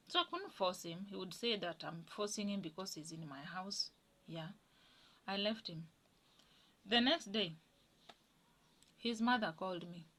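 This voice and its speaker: A woman telling a personal story in a casual, chatty way, acting out other people's lines in a higher voice. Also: fairly bright tone. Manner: acts out others' lines in a raised pitch.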